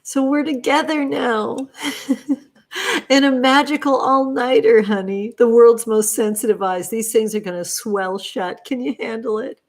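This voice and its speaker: A woman's voice: on the high side, unhurried. A woman hosting a livestream outdoors in a backyard, speaking tenderly and dotingly to her viewers, calling them honey and sweetheart. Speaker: tarot reader and livestream host. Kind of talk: affectionate livestream chat.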